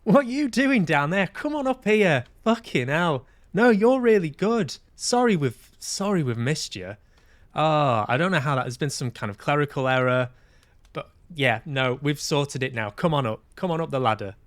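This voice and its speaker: A man voicing an eager, overly friendly male talent agent, gushing and apologetic with a high, strained put-on voice. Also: expressive, normal speed, dry recording, natural voice.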